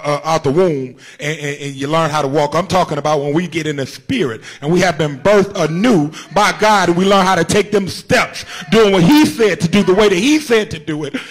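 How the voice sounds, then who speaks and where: A man preaching a Good Friday sermon with fervor, repeating phrases and calling out to the congregation, at times rising to a shout. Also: sits high. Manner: fervent, repetitive, calls out to the congregation.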